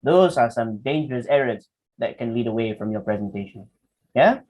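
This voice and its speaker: A man's voice: medium pitch, lively intonation, moderate pace, darkish tone. A man giving a public speaking workshop, demonstrating with his voice and asking the audience questions. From Malaysia. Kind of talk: workshop lecture.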